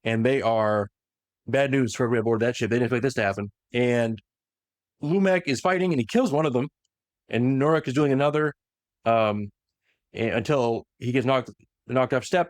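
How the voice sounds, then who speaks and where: A man in an easy, animated podcast chat, walking a co-host through a story and dropping into quick impressions of the characters. His voice sits in a middle range, and the recording is dry and close with no room sound. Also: mid-range voice, no echo. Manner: animated retelling that slips into quick voiced quotes. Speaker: podcast host recapping lore. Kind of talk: casual lore recap chat.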